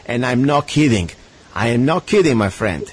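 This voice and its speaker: An Italian man with an Italian accent hosts a talk radio show, chatting with a guest in a sarcastic, ranting, emphatic style. His mid-range voice is very animated and has a breathy edge, and he speaks at a moderate pace.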